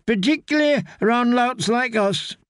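A man's voice: very high-pitched, a little slow, no echo, clean studio sound, pitched above the performer's own voice. A man doing a wry, wiry knight.

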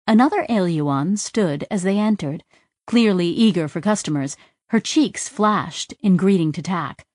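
Her voice fairly low, a woman narrates an audiobook with calm, even storytelling. The recording is dry and clean, studio-made, and the narration is scripted.

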